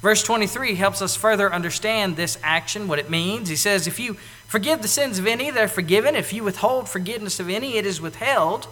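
A man preaching a sermon in an animated way, acting out the lines he quotes, now loud and now soft. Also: high-pitched, a little fast, long reverb tail. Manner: animated, acts out quoted lines with big swings in loudness.

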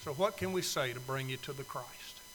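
A male preacher giving a sermon invitation in a church, pleading and swinging from loud urging to soft, hushed appeals. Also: mid-range voice, moderate pace, in a large hall, a little hiss or hum, rough recording. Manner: pleading, swells loud then drops soft. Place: church sanctuary.

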